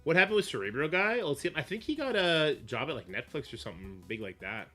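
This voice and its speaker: Male livestreamer, casual and profane, bright cutting voice, faint music underneath. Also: a little high, fast. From Canada. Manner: profane, animated, answers chat. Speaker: streamer.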